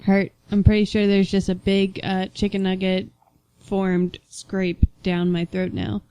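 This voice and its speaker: A young woman co-hosting a casual podcast, telling lively anecdotes and acting out the voices of people in them. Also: medium pitch, measured pace, clean tone. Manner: animated storyteller, acts out voices in her anecdotes. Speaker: podcast co-host. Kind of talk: casual chat.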